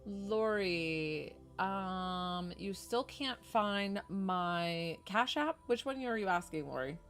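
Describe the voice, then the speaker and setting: A woman's voice: mid-range voice, animated, slow, fairly bright tone, soft background music. A woman from New York doing a chatty, effusive psychic reading on a live stream. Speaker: psychic medium.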